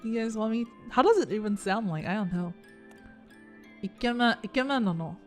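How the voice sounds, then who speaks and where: A woman using a voice changer to play a deep-voiced handsome young man, testing it playfully. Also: expressive, brisk, faint music behind. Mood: teasing.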